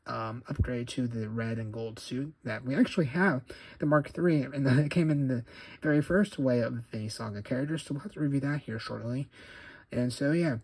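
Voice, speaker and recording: A man's voice: medium pitch, creaky, a little mellow, breathy edge, dry recording. A man casually reviewing an action figure, rambling and correcting himself as he goes. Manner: rambling, self-correcting, chatty. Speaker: toy collector reviewer.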